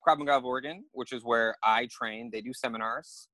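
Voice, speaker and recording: A young man, a podcast guest, telling a story in a lively way and acting out his own thoughts. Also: mid-range voice, fairly quick, no room sound. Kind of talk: animated storytelling.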